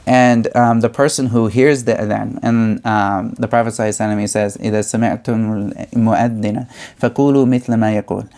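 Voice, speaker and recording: Hesitant man, low voice. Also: fairly even intonation, racing, darkish tone. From United States. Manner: hesitant, many fillers and restarts. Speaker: religious studies teacher. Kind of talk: explanatory lesson.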